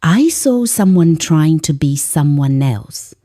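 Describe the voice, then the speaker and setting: A woman telling a first-person story with scripted narration, in a gentle, heartfelt and expressive way. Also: deep voice, slow pace.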